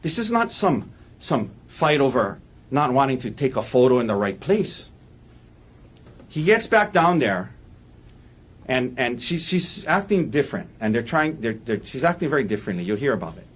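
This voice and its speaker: A man giving a defense opening statement in a courtroom, walking the jury through events in an earnest, halting way with frequent restarts. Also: medium pitch, sing-song. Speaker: defense attorney.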